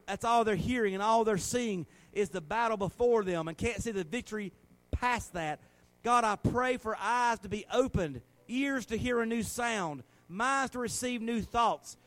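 Preacher man, kinda high voice, goes loud then soft and pleading in prayer. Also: no room sound. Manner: fervent preaching, rising and falling between loud exhortation and soft earnest prayer. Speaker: pastor. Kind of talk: sermon and closing prayer.

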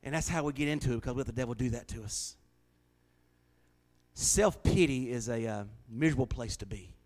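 A middle-aged man preaching a sermon, telling folksy stories that swing from hushed to loud. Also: medium pitch, brisk. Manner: folksy storytelling, shifting from hushed to shouting. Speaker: pastor.

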